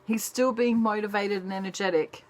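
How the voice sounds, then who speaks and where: A woman giving a chatty, casual tarot reading in a soft, unhurried manner. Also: mid-range voice, fairly even intonation. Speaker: tarot reader.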